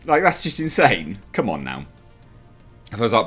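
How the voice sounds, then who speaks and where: A man's voice: medium pitch, big pitch swings, a little fast, pauses often, fairly bright tone, breathy edge, faint music behind. A man ranting in a commentary vlog, sarcastic and exasperated, slipping into mocking voices. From United Kingdom. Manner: sarcastic, exasperated, mocks others in put-on voices. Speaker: commentary vlogger.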